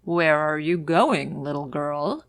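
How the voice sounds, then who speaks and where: A cunning big wolf speaks slowly from a storybook, as a woman puts him on. His lines come out coaxing and sly, pitched lowish and recorded dry and close. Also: gravelly, dry recording, exaggerated voice. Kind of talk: storybook read-aloud.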